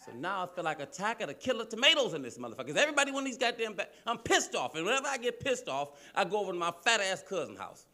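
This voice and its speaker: A man from Cleveland doing a loud, profane, animated stand-up routine on a comedy club stage. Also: high-pitched, rapid-fire, few pauses. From Cleveland, Ohio, US.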